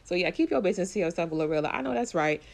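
A woman's voice: on the low side, expressive, racing, vocal fry. A woman giving casual, opinionated live reaction commentary on an awards show, chatty and full of slang.

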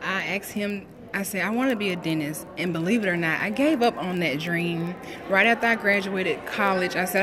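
A woman's voice: lowish voice, normal speed, few pauses, a crowd in the background. A woman, talking to viewers on a livestream at her graduation and preaching about her faith. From Florida, USA. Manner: heartfelt, preachy, greets viewers by name. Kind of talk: emotional live broadcast talk. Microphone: phone livestream. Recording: music playing behind.

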